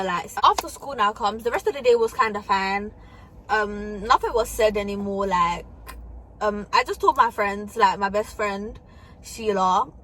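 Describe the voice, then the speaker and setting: A woman's voice: medium pitch, a bit bright, slight background noise. A young woman telling a storytime vlog in casual, slangy talk with frequent swearing and fillers. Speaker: vlogger.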